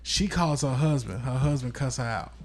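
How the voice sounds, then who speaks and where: A man's voice: mid-range voice, slight background noise. Male podcast co-host retelling gossip. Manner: fast retelling, profane. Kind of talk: casual chat.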